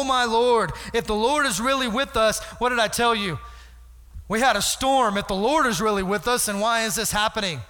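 A man preaching a lively sermon to a congregation, acting out voices from Bible stories and asking for responses. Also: high-pitched, clear, resonant tone. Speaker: pastor. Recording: hall reverb.

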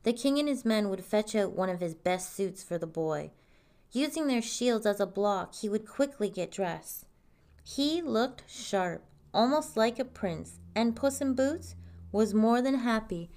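A woman reading a fairy tale aloud in a calm, even storytelling manner. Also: a little high, unhurried.

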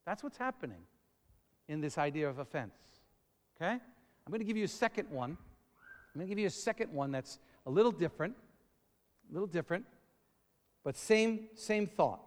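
A middle-aged man preaching a sermon, rambling and repeating words, then building up to shouting. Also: fairly high pitch, animated, moderate pace, pauses often. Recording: long reverb of a large hall.

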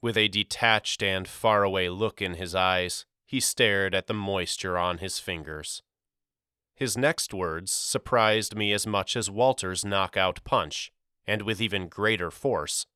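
A man narrating an audiobook in a measured, deliberate storytelling manner. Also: low voice, bright, forceful tone, smooth, no room sound, clean studio sound. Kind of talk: scripted narration.

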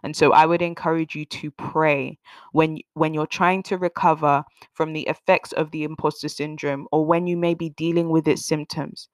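A young woman hosts a faith podcast in a smooth, resonant voice, earnest and encouraging, often repeating her phrases to drive them home. She speaks at a middle pitch, close to the mic in a dry, dead room. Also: flat delivery, moderate pace, no room sound. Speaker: podcast host.

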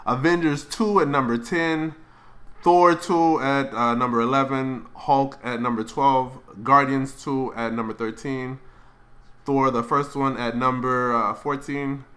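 A man co-hosting a casual chat, ranking movies, laughing loudly and quick to argue. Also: medium pitch, steady tone. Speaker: podcast co-host.

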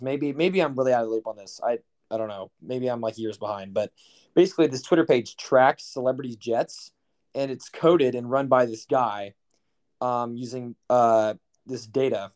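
A man's voice: medium pitch, moderate pace, darkish tone. A young man co-hosting a podcast, telling stories in a rambling, profane, incredulous way. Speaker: podcast co-host. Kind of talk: casual chat.

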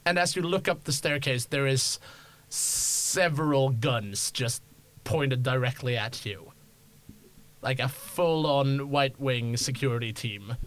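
Laid-back slow-talking game master. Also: male voice, mid-range voice. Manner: relaxed, filler-laden narration. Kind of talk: narrating a tabletop game.

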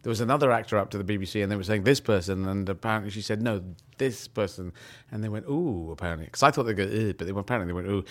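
A man, a comedian and actor guest on a radio show, telling stories in a rambling, animated way. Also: lowish voice, rapid-fire, hardly any pauses. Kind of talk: radio interview.

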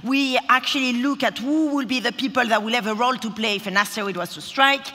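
Woman in her 30s, keynote speaker, bright and punchy, playful with the crowd, big hall reverb. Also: a little high, quick pace. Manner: playful, chatty, teasing the audience. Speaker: conference speaker. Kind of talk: live stage talk. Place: conference stage in a large hall. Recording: hall reverb from a large venue.

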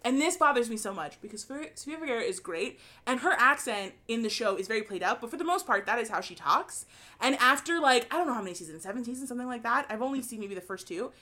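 A woman's voice: fairly high pitch, lively intonation, fast, sharp tone. A young woman co-hosting a podcast, giving blunt, opinionated takes in casual chat and swearing freely. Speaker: podcast co-host.

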